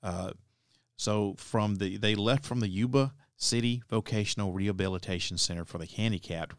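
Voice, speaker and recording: A man's voice: on the low side, normal speed, dry recording, studio quality. A man narrating a true-crime story in a casual, conversational way, breaking off for asides and restarting his sentences.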